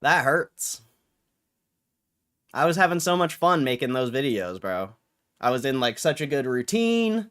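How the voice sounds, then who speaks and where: A man's voice: medium pitch, very animated, measured pace, fairly bright tone. A young man hosting a livestream, ranting in an annoyed, swearing way with frustrated laughs. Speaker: livestream host. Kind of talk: casual livestream rant.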